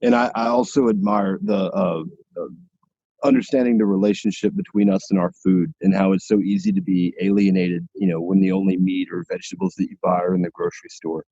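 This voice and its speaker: A man on a podcast speaking thoughtfully and earnestly, a little halting. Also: deep voice, little pitch movement, dark tone, husky, no echo, muffled recording. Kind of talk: casual podcast chat.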